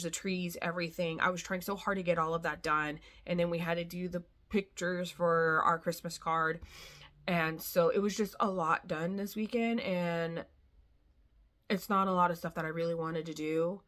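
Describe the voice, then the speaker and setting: Young female vlogger, candid rambling chat, lower-pitched, a bit worn out. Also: a bit bright. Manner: rambling, frank, slightly weary. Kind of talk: casual chat.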